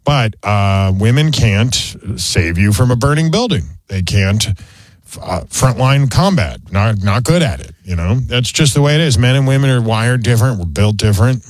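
A man trades jokes and strong opinions as a talk show co-host. His pitch moves a lot as he talks, and the sound is dry and close. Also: lively intonation, normal speed, no echo. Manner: joking, opinionated, does goofy voices. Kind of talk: casual talk show banter.

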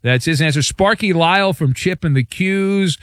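A man's voice: a little high, normal speed, dry recording, studio quality. A man hosting a casual sports talk radio show, reading listener answers and joking around. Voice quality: playful, loose delivery with shouted bits.

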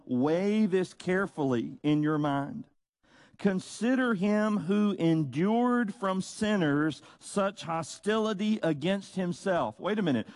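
A man preaching a sermon, slow and emphatic, with dramatic pauses and rhetorical questions. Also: high voice, a little mellow, no room sound. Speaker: pastor.

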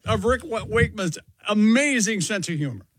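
A man's voice: high-pitched, expressive, moderate pace, husky, dry recording, clean studio sound. A man co-hosting a talk show, needling the others with sarcastic questions. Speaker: radio show co-host. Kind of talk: casual banter.

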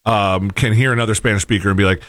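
A man co-hosting a talk show, speaking casually and haltingly, with many fillers and restarts. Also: lowish voice, fairly even intonation, a bit bright, dry recording, studio quality. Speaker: co-host.

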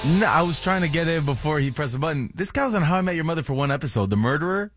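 A man's voice: fairly high pitch, animated, very fast, a bit bright, soft background music. A man co-hosting a radio show, blunt, opinionated and teasing in casual chat.

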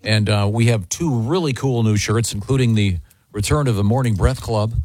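A man's voice: on the low side, no room sound, clean studio sound. A man hosting a morning radio show, chatting and reading a live ad with many fillers. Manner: relaxed, halting with fillers.

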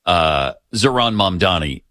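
A man's voice: sits low, animated, unhurried, sharp tone, dry recording, studio quality. Sarcastic man co-hosting talk radio. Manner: sarcastic, exasperated, chuckling. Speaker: radio talk show co-host. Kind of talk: casual political radio talk.

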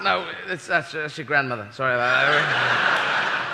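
A man's voice: fairly high pitch, brisk, creaky. Casting: male comic, rambling and flustered, long hall reverb, noise behind. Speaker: stand-up comedian. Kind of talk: stand-up set.

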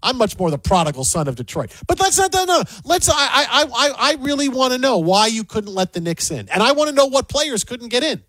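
A man's voice: extremely high pitch, fairly quick, few pauses, no echo. A man co-hosting a podcast, rambling through casual sports banter with lots of restarts. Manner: animated, rambling with repeated restarts.

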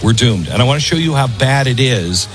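A man's voice: medium pitch, animated, a little fast, faint music behind. Emphatic rambling male talk host. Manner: emphatic, rambling, with fillers and restarts. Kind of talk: opinionated talk radio monologue.

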